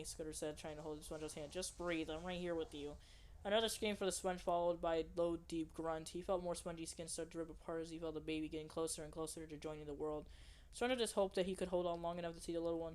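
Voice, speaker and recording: A woman's voice: on the low side, a little mellow. A woman reading fan fiction aloud, stumbling over names and correcting herself with amusement. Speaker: reader.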